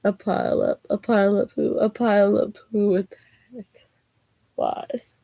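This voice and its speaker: A woman's voice: mid-range voice, flat delivery, normal speed, gravelly, mellow, no echo. A woman vlogger reading knock-knock jokes aloud, taking both parts herself and breaking off for giggly asides.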